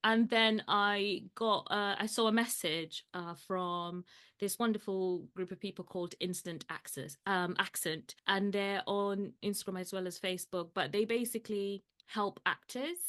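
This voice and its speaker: A woman's voice: medium pitch, steady tone, a little slow, a bit bright, smooth. A woman podcast co-host chatting casually, telling a story with frequent laughs and acted-out quotes. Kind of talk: casual chat.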